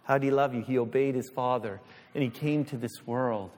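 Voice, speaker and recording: A man preaching a sermon as pastor, animated, slipping into little voices, then easing into a quiet prayer. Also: mid-range voice, brisk. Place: church sanctuary. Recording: long church reverb.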